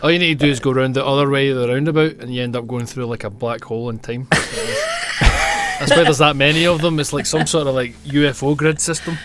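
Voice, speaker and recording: A man's voice: medium pitch, sing-song, brisk, crowd noise. A man joining a podcast's casual banter with wry, jokey remarks.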